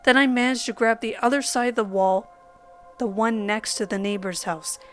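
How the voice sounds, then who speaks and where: A woman reading a true horror story as a measured, dramatic narrator who sometimes drops to a whisper. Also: a little high, fairly even intonation, fairly bright tone, a little hiss or hum. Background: faint background music.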